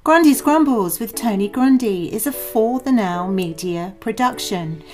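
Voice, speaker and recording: A woman's voice: fairly high pitch, animated, a little slow, darkish tone. A woman reading a scripted closing announcement for a podcast.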